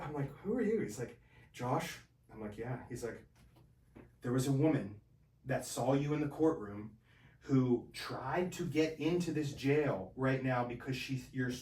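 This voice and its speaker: Man, podcast guest, animated storytelling, roomy sound, set back from mic. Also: mid-range voice, a little slow, pauses often, distant mic, slight background noise. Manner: animated, acts out quoted voices. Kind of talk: casual storytelling.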